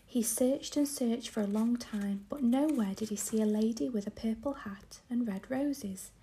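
A woman reading a children's story aloud in a slow, gentle whisper. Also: fairly high pitch.

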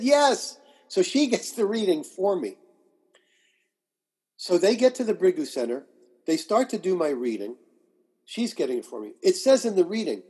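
A man with a husky voice that sits a bit high for a man. He talks as an interview guest, spinning lively anecdotes and acting out what people said. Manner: animated anecdotes with acted-out quotes and laughs. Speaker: guest, astrologer and author. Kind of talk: conversational storytelling.

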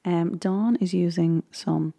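A woman's voice: lowish voice, fairly even intonation, slow, gravelly, dark tone. A woman vlogger chatting casually as she recaps a baking show, rambling with frequent ums and little laughs. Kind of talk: casual chat.

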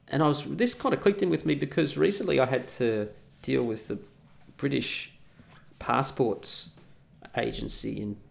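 A man holds forth in a casual, opinionated rant and swears freely along the way. His gravelly voice swings widely in pitch as he gets worked up. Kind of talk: casual ranting monologue.

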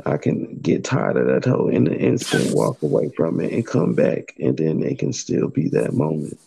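Male co-host, deep gravelly voice, husky and dark, slightly tipsy, laid-back slang. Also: poor audio. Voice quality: very low, gravelly voice. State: tipsy after a couple drinks. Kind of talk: casual chat.

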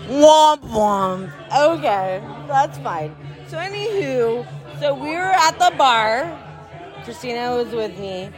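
A woman co-hosting a podcast, bantering loudly and swearing through casual chat. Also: sits high, animated, takes it slowly. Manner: loud, swearing, joking banter. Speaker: podcast co-host. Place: bar. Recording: noisy bar with music and crowd. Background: music and crowd chatter.

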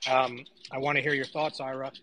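A man's voice: medium pitch, flat delivery, brisk, bright, forceful tone, slight background noise, low-quality recording. A man co-hosting a casual panel discussion, conversational as he leads and brings in guests. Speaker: podcast co-host.

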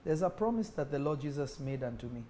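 A man's voice: fairly high pitch, lively intonation, quick pace, mellow, slight background noise. A man preaching a sermon as a prophet. He speaks emphatically, repeats himself and asks the congregation questions. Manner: emphatic and repetitive, with call-and-response questions.

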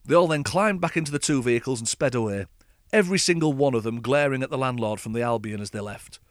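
A man delivers a scripted comic rant with a sardonic edge, his voice sitting at an ordinary middle pitch. The recording is close and dry, with no room sound around him. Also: fast, no room sound. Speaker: podcast host.

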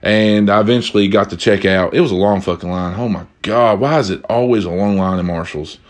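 A young man telling a comedic story casually, profane and animated, jumping from high exclamations to low asides. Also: a little fast. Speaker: vlogger.

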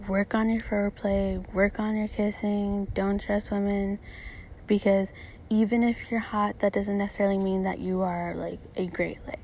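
A young woman rambles through a solo podcast, blunt and profane, with plenty of filler words. Her voice has a gravelly edge, and a faint hum of room noise sits behind it. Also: mid-range voice, little pitch movement, normal speed, mellow. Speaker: podcast host. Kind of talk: casual solo podcast monologue.

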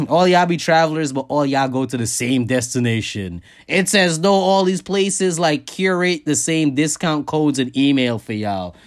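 A man holds forth in a loose, foul-mouthed comic rant, his voice sitting a little above the usual male range. He shoots his pitch sharply upward whenever he wants to stress a point, keeping the talk animated and conversational like a podcast host. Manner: profane, animated, jumps high in pitch for emphasis. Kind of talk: casual comedic rant.

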